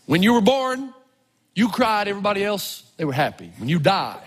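Animated pastor, husky and high. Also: male voice, moderate pace. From Tennessee. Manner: animated, swings from low murmurs to loud exclamations. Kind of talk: storytelling sermon. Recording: long reverb of a large hall.

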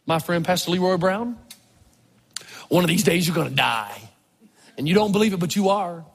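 Animated pastor, husky and high. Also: male voice, normal speed. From Tennessee. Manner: animated, swings from low murmurs to loud exclamations. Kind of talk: storytelling sermon. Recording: long reverb of a large hall.

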